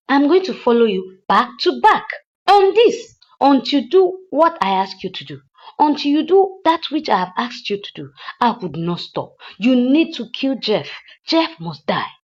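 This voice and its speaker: A woman voicing a furious rich woman who orders a killing, loud and repeating her demands. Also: medium pitch, husky, highs cut off, pitched above the performer's own voice.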